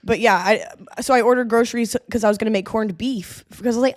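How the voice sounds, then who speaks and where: A woman's voice: on the high side, fast talker, hardly any pauses, no room sound, studio quality. A woman co-hosting a podcast in casual chat, rambling and self-deprecating and laughing often. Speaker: podcast co-host.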